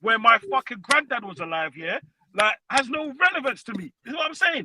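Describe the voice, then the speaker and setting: This is a man on a fan call-in line, launching into a loud, profane trash-talking rant. His voice sits very high and sounds sharp and bright. His pitch jumps about lively as he keeps throwing in "you get what I'm saying". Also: a little fast, a little hiss or hum, poor audio. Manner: loud, profane trash talk with constant tags. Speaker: caller.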